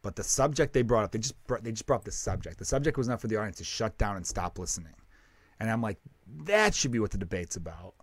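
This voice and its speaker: A man's voice: fairly low pitch, animated, quick pace, dry recording. A man who is a comedian, hosting a casual podcast chat, rambling and swearing as he trips over his own sentences. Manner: rambling, profane, self-interrupting.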